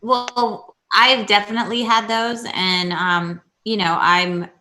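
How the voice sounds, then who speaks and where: A woman on a video call, chatting casually and telling animated stories, acting out what people said. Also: mid-range voice, takes it slowly. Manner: animated storyteller, acts out quotes. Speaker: guest.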